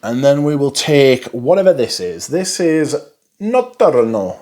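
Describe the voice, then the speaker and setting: A man's voice: medium pitch, big pitch swings, takes it slowly, darkish tone. A man from Newcastle, rambling casually to camera as a fragrance reviewer, swearing freely and calling viewers his friends. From Newcastle, England.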